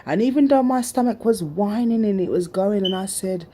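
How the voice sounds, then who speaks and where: A woman's voice: medium pitch, moderate pace, few pauses, warm tone, slight background noise. A British woman vlogging and telling a personal story in an emphatic way, repeating phrases for stress.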